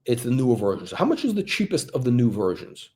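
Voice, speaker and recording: A man's voice: medium pitch, big pitch swings, fast talker, a little mellow. A male watch channel host giving blunt, crude, rambling off-the-cuff commentary.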